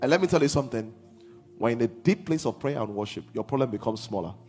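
A man preaching a sermon as pastor, swinging from hushed lines to half-sung shouts. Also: medium pitch, expressive, fast talker.

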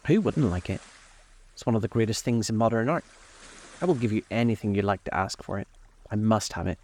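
A man voicing a witty, careless aristocratic gentleman in a storybook reading, airy and amused. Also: fairly low pitch, a little fast, natural voice. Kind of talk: audiobook character voice.

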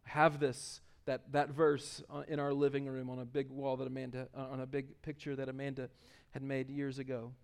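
A man's voice: mid-range voice, completely flat delivery, a little fast, gravelly, smooth. A male pastor giving an informal, conversational sermon and often repeating words as he starts his sentences.

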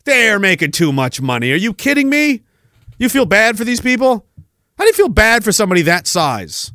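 A man's voice: sits high, wildly swooping pitch, a little fast, bright, forceful tone, dry recording, clean studio sound. A man hosting a podcast, ranting sarcastically with heavy swearing and frequent laughter while reading out viewer messages. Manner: profane, sarcastic, laughs often. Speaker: podcast host.

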